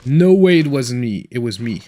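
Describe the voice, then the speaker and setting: A man's voice: medium pitch, sing-song, moderate pace, dark tone, slight background noise. Rambling Canadian man gaming. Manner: rambling, filler-heavy chatter. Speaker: gaming channel host. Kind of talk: casual let's-play commentary.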